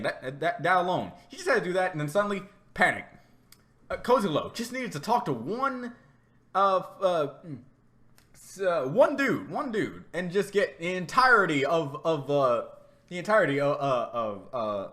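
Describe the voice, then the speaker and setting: Lively, bright-voiced man ranting. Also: a little high. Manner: animated and rambling, laughing often, repeating words. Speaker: reaction video host. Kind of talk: casual reaction commentary.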